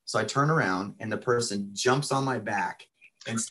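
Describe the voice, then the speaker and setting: A middle-aged man who owns a martial arts school appears as a podcast guest, casually telling stories in a laid-back, chatty interview. His voice sits on the low side with a sharp tone, and he speaks at a moderate pace.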